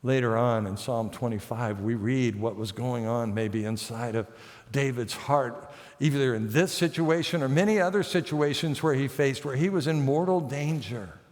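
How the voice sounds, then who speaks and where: A man preaching a sermon as pastor, telling the story lively and acting out the characters' lines with light self-mocking humor. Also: mid-range voice, moderate pace, long reverb tail. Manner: storytelling, acts out the characters' quotes. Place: church sanctuary.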